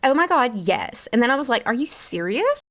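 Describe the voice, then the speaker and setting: Lady playing a valley girl zoo animal, sassy and bubbly, way up high and swoopy. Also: very animated, normal speed, a bit bright. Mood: gushing.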